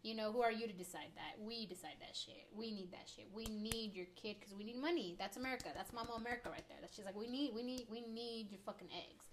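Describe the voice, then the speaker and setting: Woman, twenties, rambling profane vlog rant, slightly high voice, faint noise behind. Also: quick pace, hardly any pauses. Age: 20s. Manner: heavily profane, rambling, heated. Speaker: vlogger. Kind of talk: ranting opinion vlog.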